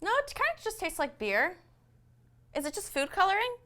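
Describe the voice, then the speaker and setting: A woman co-hosting a casual live chat show, excitable and swearing freely. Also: extremely high pitch, normal speed. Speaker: co-host.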